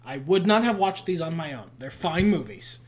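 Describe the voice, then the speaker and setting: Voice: mid-range voice, animated, normal speed. A podcast co-host with a mid-range voice that rises and falls freely. The talk is casual, dotted with dry, blunt asides. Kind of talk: casual chat about movies.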